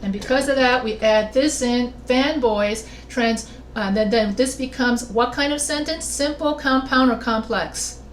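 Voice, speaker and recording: A woman with a fairly high voice teaches a writing class over a video call. She works through the points step by step and stops to put questions to her students. The sound is roomy and carries a faint hiss. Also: a little slow. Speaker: writing instructor. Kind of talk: online class lecture. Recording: roomy echo with faint noise.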